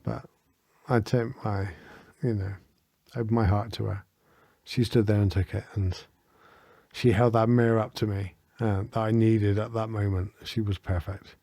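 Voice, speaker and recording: A middle-aged man hosting a reflective podcast, talking in an earnest, gentle and heartfelt way, chuckling often. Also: lowish voice, level tone, normal speed, creaky, dry recording. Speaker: podcast host and spiritual teacher.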